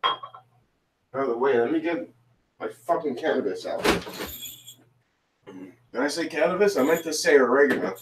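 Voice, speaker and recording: Man, unhurried, mid-pitched, mumbling, self-mocking, solo vlog. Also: lively intonation, very noisy. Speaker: vlogger. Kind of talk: rambling solo vlog talk.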